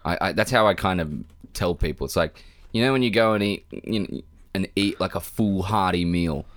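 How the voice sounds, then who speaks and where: Young man, very low voice, hesitant rambling chat, dry sound. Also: moderate pace, fairly bright tone, no echo. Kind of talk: casual chat.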